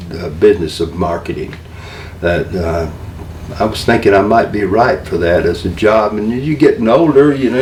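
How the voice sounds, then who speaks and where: A man's voice: fairly low pitch, darkish tone. An older man, a guest in an interview, telling rambling, folksy stories about his career and often starting his sentences over. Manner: rambling, folksy, with many restarts. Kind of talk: storytelling interview. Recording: distant, echoey room with faint hum.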